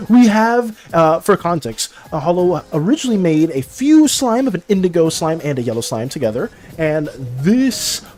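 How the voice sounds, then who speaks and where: A young man streaming and chatting casually with viewers, excitable and quick to laugh, getting heated and then apologizing. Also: fairly high pitch. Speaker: art streamer. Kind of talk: casual livestream chat with viewers.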